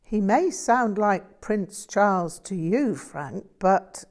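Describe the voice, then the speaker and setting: A woman voicing a wry woman friend who talks in a crisp, teasing way. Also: medium pitch, lively intonation, slow pace, darkish tone.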